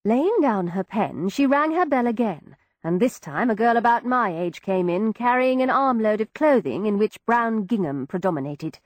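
A woman narrating a period novel in an expressive, measured storytelling manner on a close microphone. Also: on the high side, no room sound. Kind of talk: audiobook narration.

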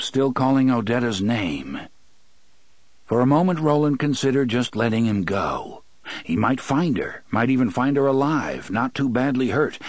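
A man narrating an audiobook in a measured, steady reading, close to the mic. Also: mid-range voice, no echo. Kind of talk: scripted narration.

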